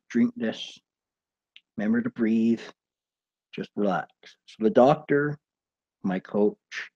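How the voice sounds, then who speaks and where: Rough around the edges and fairly low, this ex-professional boxer's dark voice comes through on lo-fi audio. As host, he rambles casually through a story, swearing without restraint and full of fillers and false starts.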